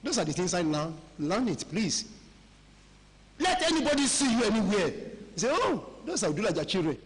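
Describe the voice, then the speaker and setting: Middle-aged Nigerian-accented pastor, higher voice, conversational sermon delivery, long hall reverb. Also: male voice, very animated, moderate pace. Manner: conversational preaching, mixing pidgin and Yoruba phrases. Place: large church hall.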